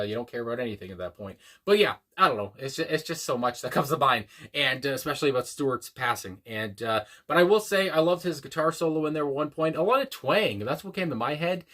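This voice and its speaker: Male reaction host, mid-pitched and bright, earnest and rambling with lots of ums. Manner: rambling, hesitant, many fillers and restarts; earnest and reflective. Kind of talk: casual spoken reaction.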